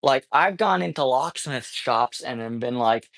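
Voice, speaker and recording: A man talks off the cuff on a home livestream, wandering from thought to thought with playful restarts. His pitch swoops up and down in a lively way. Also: unhurried, low-quality recording. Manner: rambling, playful, many restarts. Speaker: streamer. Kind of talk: casual livestream chat. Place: home with cats.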